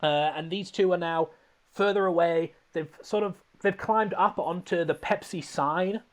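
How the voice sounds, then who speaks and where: A man with a slightly high voice rambles through a movie recap, laughing as he goes. His delivery is animated and casual, full of restarts and incredulous questions. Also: measured pace. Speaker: podcast host recapping a film.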